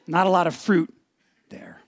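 A pastor in his forties preaching a sermon, telling candid personal stories with animation and then slowing into a prayerful tone. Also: high voice. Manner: animated, candid storyteller, shifting to a slower, prayerful tone.

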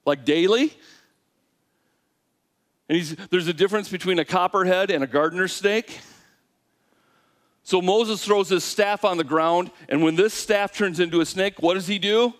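This pastor's voice sits high, and he moves at a moderate pace with frequent pauses. He animates the sermon by playing both God and Moses, stopping to pose questions to his hearers.

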